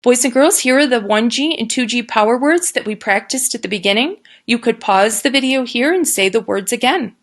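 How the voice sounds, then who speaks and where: A woman who teaches kindergarten, giving a patient recorded lesson and sounding out words slowly for young children. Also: a little high, expressive. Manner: slow, patient and sing-song, sounding out words.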